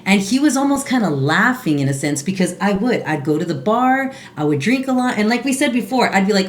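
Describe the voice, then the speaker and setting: A woman shares her own story on a podcast, earnest and confessional, often restarting her sentences. Her voice carries a roomy echo. She sits at a middling pitch for a woman. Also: expressive, brisk, hardly any pauses. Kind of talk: casual podcast conversation.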